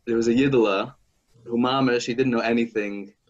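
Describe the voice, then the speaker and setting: A man hosting a podcast, chatting casually and telling a folk story in an animated, halting way. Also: medium pitch, muffled recording. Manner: animated, halting, with many restarts. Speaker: podcast host.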